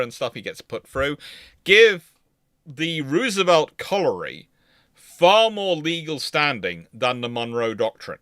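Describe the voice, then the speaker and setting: A man's voice: a little high, sharp tone, dry recording, clean studio sound. Rambling male history presenter. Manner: rambling, self-correcting, chuckling. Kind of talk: casual lecture.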